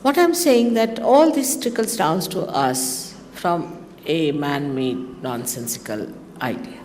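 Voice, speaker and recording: Woman, spiritual teacher, low voice, lively and teasing, hall reverb, faint ambience. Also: takes it slowly, a little hiss or hum. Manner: lively, teasing, mocking asides. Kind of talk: spiritual talk to followers.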